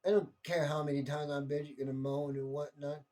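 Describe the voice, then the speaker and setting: A man's voice: fairly high pitch, level tone, fairly quick, warm tone. A young man delivering an impassioned monologue rant, heated and repetitive, swearing freely.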